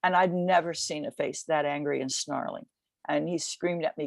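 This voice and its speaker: A woman in her seventies, guesting on a podcast, vividly recounts a race with lively energy and quick restarts. Her fairly low, gravelly voice sounds close and dry, with no room around it.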